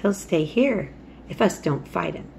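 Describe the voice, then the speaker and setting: A woman voicing a gentle, patient country boy who speaks softly in Yorkshire dialect. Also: on the low side, lively intonation, unhurried, creaky, slight background noise. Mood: hushed. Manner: hushed, soft-spoken.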